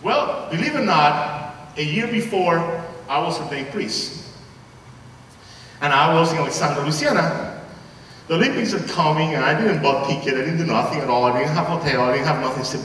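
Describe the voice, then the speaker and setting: A Puerto Rican man with a Spanish accent, a priest preaching to young people, his voice pitched fairly high and full of playful storytelling. He is heard from far off in a big, booming arena with long reverb and a faint hiss. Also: a little fast, long pauses. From Puerto Rico. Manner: animated, playful storytelling with acted-out dialogue. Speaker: priest giving a homily. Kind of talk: storytelling sermon to a youth conference. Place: large arena.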